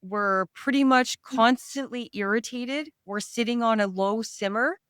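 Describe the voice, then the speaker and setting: A woman's voice: on the high side, a little slow, fairly bright tone, clear, resonant tone, no echo, clean studio sound. A woman from Canada, a stress and anxiety coach, talking earnestly in an interview and explaining with everyday examples. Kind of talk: conversational interview.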